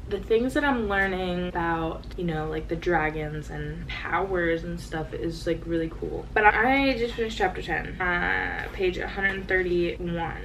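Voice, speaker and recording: A woman's voice: lowish voice, slight background noise. A young woman chatting through her reactions to a book as she reads it, sometimes dropping to a whisper and swearing freely. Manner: chatty, frequent swearing, excitable, drifts to soft whispers. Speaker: book vlogger. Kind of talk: casual reading reactions to camera.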